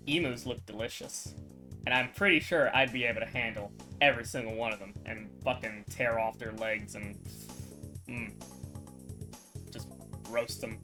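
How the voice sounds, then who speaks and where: A woman's voice: a bass voice, fairly bright tone. A woman streamer in casual chat with her viewers, swearing, rambling and laughing often.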